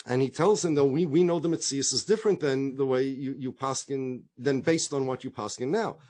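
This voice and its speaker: A man's voice: mid-range voice, a little fast. A middle-aged man speaking as a rabbi, telling stories in conversation, acting out the dialogue and repeating himself as he goes. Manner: animated storyteller, acts out quoted dialogue, frequent repetitions.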